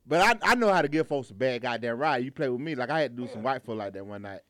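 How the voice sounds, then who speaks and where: A man's voice: medium pitch, animated, fast talker, fairly bright tone, no echo, studio quality. A man telling a casual story about his driving work, swearing freely and laughing. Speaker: rideshare driver telling a story.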